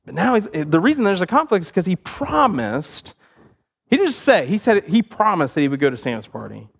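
Lively, animated male pastor. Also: high-pitched, brisk, creaky, breathy edge. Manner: animated, conversational, laughing. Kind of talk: sermon storytelling.

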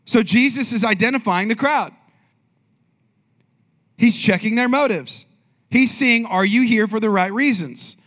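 A man with a notably high voice preaches in a loose, talky way, firing questions at the congregation and bouncing between jokes and scripture. He sounds like a young adult pastor speaking from the pulpit. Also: a little slow, pauses often, a bit bright. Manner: conversational, asks the congregation questions. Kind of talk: sermon.

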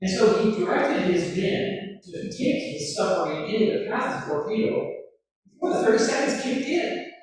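Male pastor, lively high voice, conversational sermon; large church hall, heavy echo, distant mic. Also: normal speed. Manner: conversational preaching with rhetorical questions and asides. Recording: echoey hall from far off.

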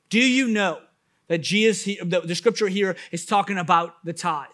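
A man preaching a sermon as a pastor, telling a personal story in an animated way that swings from hushed to loud. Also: high voice, normal speed.

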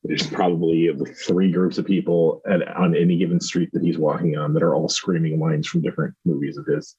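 A man's voice: very deep voice, little pitch movement, a little fast, dark tone, slightly rough, muffled recording. A man from Southern Indiana co-hosting a podcast, reviewing a show in casual chat and hedging with many restarts. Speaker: podcast co-host.

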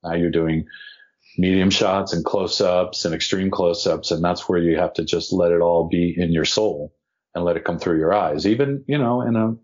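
A man, an actor, telling animated anecdotes as an interview guest and laughing now and then as he talks. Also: deep voice, moderate pace, lo-fi sound. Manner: animated storyteller, laughs mid-story.

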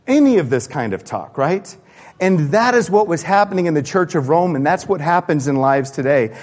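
A man preaching a sermon in a church, animated and acting out the voices of the people he quotes. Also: a little high, moderate pace. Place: church sanctuary. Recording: long church-hall reverb.

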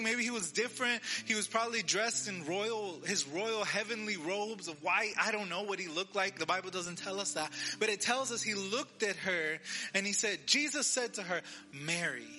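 A man's voice: high voice, bright, forceful tone. A man preaching a sermon as pastor, telling a story and acting out the quoted lines, asking listeners to repeat after him. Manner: asks the audience to repeat.

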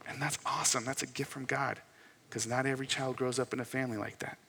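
A man in his thirties preaching in a church, his voice bright and forceful. He is earnest and moves between loud emphasis and soft, almost whispered lines. A long reverb trails each phrase, and he speaks through a stage microphone. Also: medium pitch, flat delivery, fast talker, vocal fry, husky. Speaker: pastor. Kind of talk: sermon. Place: church sanctuary.

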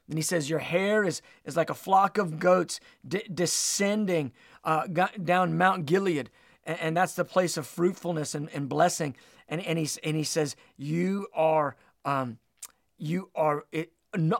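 Man preaching, high voice, gravelly, dry close sound, earnest. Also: a little slow, no echo. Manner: earnest, repeats words as he goes. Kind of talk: sermon.

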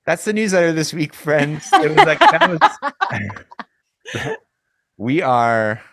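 This man co-hosting a podcast chats slowly and rambles through many restarts, his slightly high, fairly bright voice swinging hugely in pitch. It's a casual conversation in a dry, studio-quality recording.

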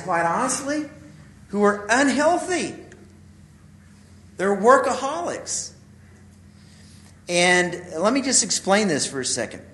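A man's voice: high voice, fairly bright tone, roomy sound, a little hiss or hum. A man, preaching a sermon, telling stories and asking his listeners questions. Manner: storytelling, acts out quotes, asks the audience questions.

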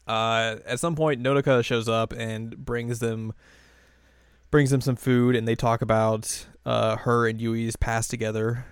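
A man's voice: medium pitch, little pitch movement, measured pace, clear, resonant tone, no echo, clean studio sound. A man co-hosting a podcast, recapping an episode in casual chat, laughing often. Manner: laughs often, rambling recap with acted quotes. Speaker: podcast co-host.

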